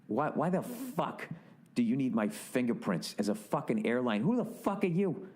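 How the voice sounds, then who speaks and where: A man hosting his own podcast, launching into an exasperated, swear-laden monologue. His voice sits at an ordinary middle pitch. He lands his points with biting sarcasm and mocking asides. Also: very animated, normal speed, darkish tone. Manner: profane, exasperated ranting. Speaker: podcast host. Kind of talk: solo podcast rant.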